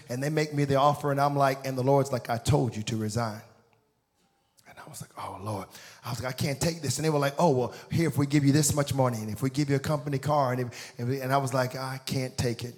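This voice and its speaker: A man in his forties preaching a sermon, telling a story with acted-out voices and building to shouted, sing-song peaks. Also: mid-range voice, fairly even intonation, quick pace, few pauses. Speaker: pastor.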